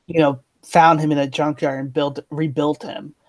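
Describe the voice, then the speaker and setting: A man's voice: fairly high pitch, level tone, moderate pace, no room sound. A talkative man in a casual chat who argues his points at length. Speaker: co-host.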